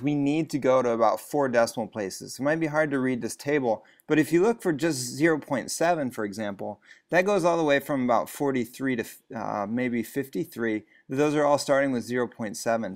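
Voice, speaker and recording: A male math teacher walking patiently through worked examples in a recorded lesson, step by step with occasional fillers. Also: mid-range voice.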